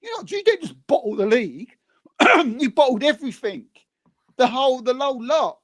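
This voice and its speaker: A man's voice: very high voice, very animated, moderate pace, no echo. A man, a podcast co-host in casual football chat, talking in a rambling, heated, mocking way and repeating words.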